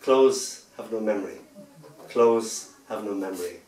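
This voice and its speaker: A man giving a poetry reading to a festival audience, playful and theatrical, stretching out words and pausing for effect. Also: fairly low pitch, very noisy. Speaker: poet. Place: festival venue indoors. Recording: echoey room, mic far off.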